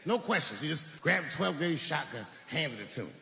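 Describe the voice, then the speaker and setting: A man's voice: fairly high pitch, animated, fairly quick, gravelly, pushed and bright. A man doing stand-up comedy, telling stories conversationally and acting out the people in them. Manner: conversational storytelling with acted-out quotes. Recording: reverberant hall with faint noise.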